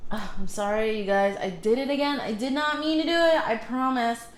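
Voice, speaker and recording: A woman's voice: a little high, a little fast, slight background noise. A woman tarot reader talking casually, rambling with many fillers and self-corrections as she gives spiritual advice. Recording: echoey room with faint ambience.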